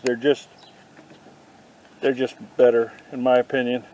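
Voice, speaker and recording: A man vlogging a walk through an outdoor garden, dropping deadpan puns as he goes. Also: medium pitch, measured pace, pauses often, no room sound, dull audio. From not from the South. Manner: deadpan punning asides. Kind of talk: joking walk-through commentary. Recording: faint outdoor noise.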